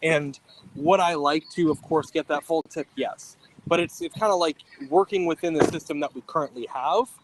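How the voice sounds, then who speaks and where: A man's voice: fairly high pitch, normal speed, background noise. A man who works as a delivery driver, chatting casually while he drives, thinking aloud with plenty of fillers. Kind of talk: casual chat while driving.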